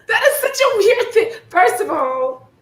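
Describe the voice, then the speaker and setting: A woman in casual chat, telling stories animatedly and acting out exchanges, with frequent swearing. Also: very high voice. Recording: echoey room with faint noise.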